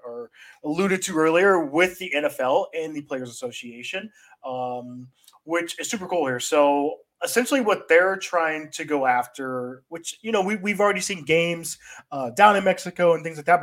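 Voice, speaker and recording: A man's voice: a little high, fairly bright tone. A man hosting a sports technology podcast, talking in a loose, conversational way. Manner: loose and conversational, many fillers and restarts. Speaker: podcast host. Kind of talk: casual sports-tech chat.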